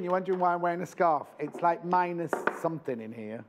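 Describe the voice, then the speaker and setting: Lively chatty male shopping presenter. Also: on the high side, normal speed, few pauses, slight background noise. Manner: chatty, enthusiastic, jokey. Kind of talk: live TV sales chat. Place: TV studio.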